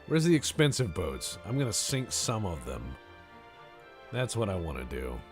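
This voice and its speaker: A low-pitched man talks through a strategy game on a live stream, his voice rising and falling a lot as he jokes and rambles. Faint music plays under his casual commentary. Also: wildly swooping pitch, normal speed. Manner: playful, rambling, jokey asides.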